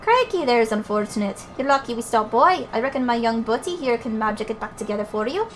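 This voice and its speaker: A woman's voice: a little high, lively intonation, brisk, a little hiss or hum, close to an everyday voice. A woman voicing Drippy, a chatty, boastful male fairy sidekick, with a put-on Welsh accent and a bouncy, slangy lilt. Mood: cheerful.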